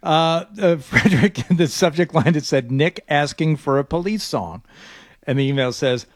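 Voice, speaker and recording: A man's voice: on the high side, normal speed. A man co-hosting a sports radio show, chiming in with wry, teasing interjections. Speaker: radio co-host. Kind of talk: casual on-air banter.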